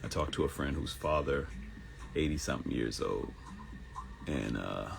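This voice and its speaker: Male talk host, middle-aged, deep and gravelly, emotional rambling monologue. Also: normal speed, music in the background. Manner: earnest, emotional, rambling with restarts. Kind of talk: casual solo talk show monologue.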